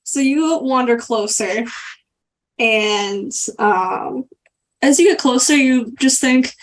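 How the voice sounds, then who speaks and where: High-voiced woman GM, relaxed, filler-heavy narration. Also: takes it slowly. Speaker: game master. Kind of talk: narrating a tabletop game.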